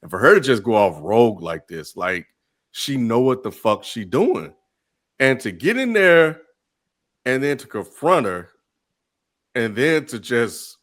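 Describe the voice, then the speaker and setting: Animated, cussing male podcast co-host. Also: medium pitch, a little slow, pauses often. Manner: profane, blunt, animated, laughs often. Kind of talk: casual recap chat.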